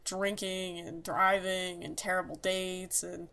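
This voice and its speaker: A young woman co-hosts a podcast, chatting casually and telling stories as an animated storyteller who laughs often. Her voice is fairly low and gravelly, and she takes it slowly.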